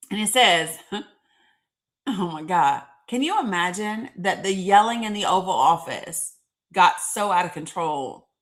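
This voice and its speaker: A woman hosting a casual live stream, chatting, reading viewer comments aloud and often laughing and clearing her throat. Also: fairly low pitch, a bit bright. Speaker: livestream host.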